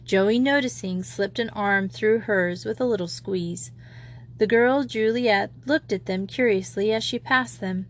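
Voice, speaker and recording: A woman narrating a children's novel as an audiobook reader, giving the characters' lines small lifts in pitch. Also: measured pace.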